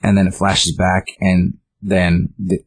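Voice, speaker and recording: Man, low and husky, casual rambling recap of a comic story. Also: monotone, takes it slowly. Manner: rambling, many "like" fillers and restarts. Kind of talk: casual chat retelling a comic.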